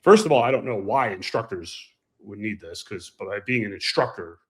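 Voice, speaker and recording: A man co-hosting a casual podcast, telling emphatic, animated anecdotes about flying. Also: lowish voice, normal speed. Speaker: podcast co-host and pilot. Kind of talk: casual chat, storytelling.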